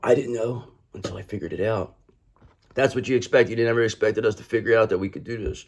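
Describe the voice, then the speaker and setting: A man's voice: lowish voice, steady tone, fast talker, a little mellow. A man giving a casual tarot reading to camera, calling the listener "brother" and repeating his points. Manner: acts out other people in mocking quoted voices. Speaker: tarot reader.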